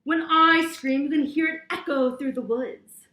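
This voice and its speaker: A woman voicing a boastful male bobcat in a storybook, speaking loudly and bragging, in an echoey room. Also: sits high, unhurried. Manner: bragging, loud.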